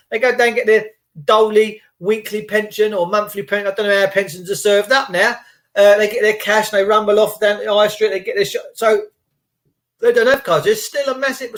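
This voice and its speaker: A man ranting casually to his viewers, acting out little scenes in quick put-on voices, slangy and swearing. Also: high-pitched, fairly bright tone. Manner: slangy, swears, rhetorical questions. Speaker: video host.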